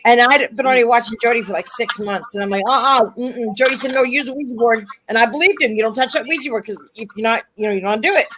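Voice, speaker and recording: A woman's voice: fairly high pitch, quick pace, hardly any pauses, a bit bright, a little hiss or hum. A middle-aged woman chatting casually on a panel, telling stories and acting out the voices of the people she quotes. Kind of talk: casual chat.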